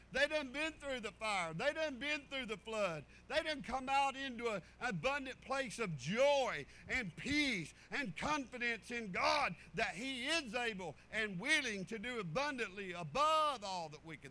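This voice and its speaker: Male pastor, high and sharp-toned, preaches in a folksy, repetitive storytelling way. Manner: folksy storytelling preacher, repeats phrases for emphasis. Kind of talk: sermon.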